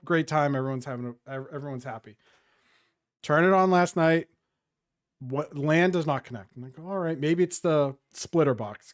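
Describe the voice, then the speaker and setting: A man co-hosting a gaming podcast, telling a long rambling story in casual chat. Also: fairly high pitch. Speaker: podcast co-host.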